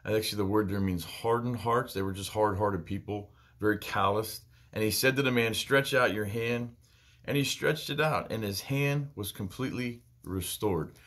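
A man's voice: lowish voice, moderate pace, hardly any pauses, a bit bright. A man leading a casual Bible study who talks earnestly and plainly and repeats words for emphasis.

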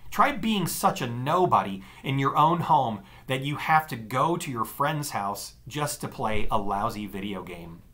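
A man's voice: fairly high pitch, sing-song, moderate pace, bright, forceful tone, pitched above the performer's own voice. A man voicing an angry, sarcastic teenage girl arguing with her brother in an audiobook. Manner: sarcastic, cutting. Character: angry scornful teenage girl, the narrator's sister. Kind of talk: audiobook dialogue.

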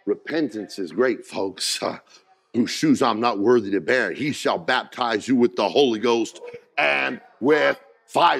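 Gravelly preacher swinging from hush to shout. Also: male voice, medium pitch, measured pace. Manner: folksy, says "ain't" and "gotta". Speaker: pastor. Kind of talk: sermon.

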